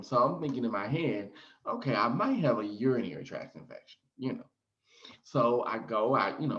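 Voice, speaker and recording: A man's voice: fairly low pitch, a bit bright, muffled recording. A man telling a frank personal story to his viewers in a casual, theatrical way, acting out his own reactions. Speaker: storyteller vlogger.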